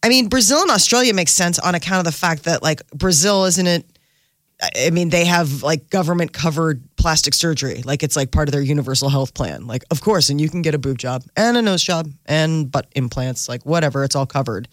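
A chatty radio co-host rattles through a morning-show segment, laughing easily and padding talk with fillers. The voice sits mid-pitch and sounds close and dry. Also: brisk, a bit bright, no room sound. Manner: chatty, giggly, lots of fillers.

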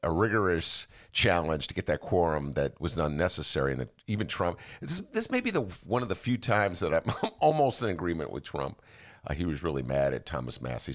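Gravelly deep-voiced man rambling. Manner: rambling, self-interrupting, laughs often. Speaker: podcast host. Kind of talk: casual political chat. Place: home attic.

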